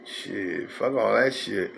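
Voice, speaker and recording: A man's voice: lowish voice, slow, creaky, a bit bright, a little hiss or hum. A man, telling a rambling, profane street story in a casual way. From North Philadelphia. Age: 50s.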